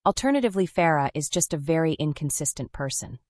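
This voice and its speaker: A woman with a low voice narrates a scripted commentary, measured and wry in delivery. The sound is close and dry, with no room around it. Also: animated, a little mellow, no room sound.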